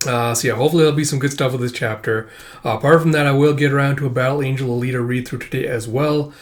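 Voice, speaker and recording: In a quick-paced, steady mid-range voice, a man hosts a comic read-through, offering loose, rambling reading commentary. He fills gaps with plenty of fillers and swears casually here and there.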